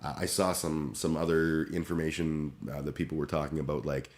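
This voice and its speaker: A man's voice: rumbling low, flat delivery, fairly quick. A man chatting casually on his livestream, rambling and self-deprecating with lots of restarts. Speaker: streamer.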